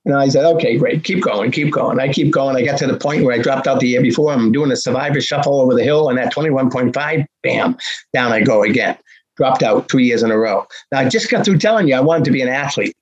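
A man in his sixties from the Boston area, telling his life story as a guest with animated, punchy repetition and acted-out dialogue. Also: mid-range voice, fast. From Boston area, USA. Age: 60s. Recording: dull lo-fi recording.

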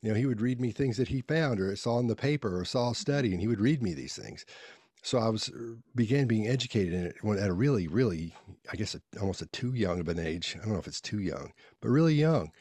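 Low-voiced man telling folksy stories. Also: lively intonation, quick pace, a little mellow, no echo. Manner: folksy, rambling, restarts sentences. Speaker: podcast guest, body language expert. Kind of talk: casual storytelling interview.

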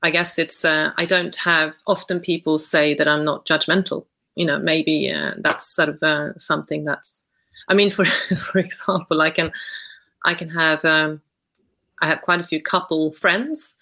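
A woman's voice: low voice, fairly even intonation, unhurried, bright, forceful tone, low-quality recording. A woman guest on a podcast, talking reflectively and hesitantly, thinking aloud with many restarts. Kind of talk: reflective conversational interview.

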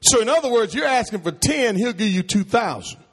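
A man's voice: high-pitched, animated, fairly quick, breathy edge. A man preaching a call-and-response sermon in a church, calling questions to the congregation for them to answer. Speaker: pastor. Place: church sanctuary. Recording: long hall reverb.

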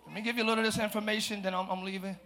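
Male pastor, high and piercing, fiery live sermon with shouted call-outs. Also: level tone, racing, slight background noise. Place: church sanctuary.

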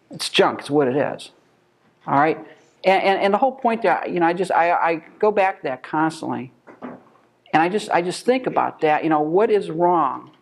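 A man's voice: on the high side, gravelly. A man teaching a church Bible class, emphatic and full of rhetorical questions.

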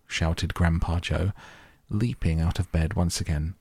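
Male audiobook narrator, husky, deep, steady storyteller. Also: measured pace, no room sound, studio quality.

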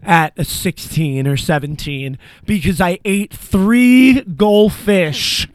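Animated, profane young man telling stories. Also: high voice, takes it slowly, no room sound. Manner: animated, profane, acts out quotes loudly. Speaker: podcast host. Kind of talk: casual storytelling chat.

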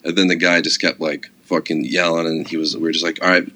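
Very deep-voiced laid-back man. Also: little pitch movement, fast talker, sharp tone, slight background noise. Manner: laid-back, rambling storyteller, heavy use of "like" and swearing. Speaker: guest, comedy club security guard. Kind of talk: casual conversation.

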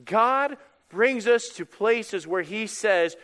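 A male pastor preaching a sermon in an animated, emphatic way, repeating phrases for effect. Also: sits high, slow pace, long reverb tail.

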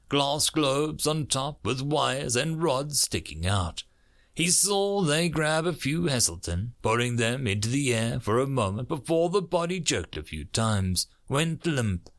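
Gravelly man reading a war story dramatically. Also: on the high side, a bit bright.

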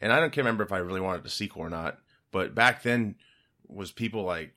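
A man's voice: sits low, fast talker, sharp tone. A man co-hosting a podcast, chatting casually about movies, rambling and laughing often. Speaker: podcast co-host.

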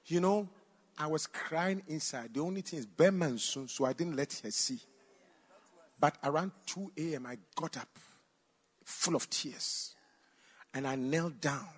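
A man preaching a sermon, telling a personal story with sudden shouts and bursts of laughter. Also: on the high side, unhurried, pauses often, husky. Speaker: pastor.

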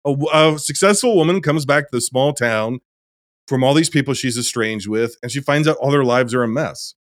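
Rambling, soft-trailing man podcaster. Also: medium pitch, brisk, no echo, studio quality. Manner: rambling, trails off softly, many fillers. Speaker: podcast co-host. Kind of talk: casual film discussion.

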